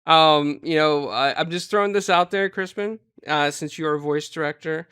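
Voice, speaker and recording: An eager man co-hosts a podcast, talking in halting bursts with plenty of fillers. His voice is smooth and resonant, recorded dry and close. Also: a little high, fairly bright tone, no room sound. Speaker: podcast co-host. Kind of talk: casual podcast chat.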